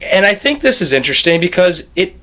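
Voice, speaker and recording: A man's voice: high-pitched, big pitch swings, bright, forceful tone. A young man co-hosting a podcast in casual chat, talking at length and restarting his sentences often. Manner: talkative, quick restarts, explains at length. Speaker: podcast co-host.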